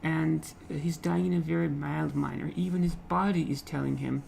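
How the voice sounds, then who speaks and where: Male lit teacher, gravelly fry voice, halting, repeats phrases, faint background hiss. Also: on the high side, fairly even intonation, darkish tone, rough recording. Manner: repeats phrases, frequent "okay?" checks, halting restarts. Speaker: literature teacher. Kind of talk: explaining a poem in a lecture.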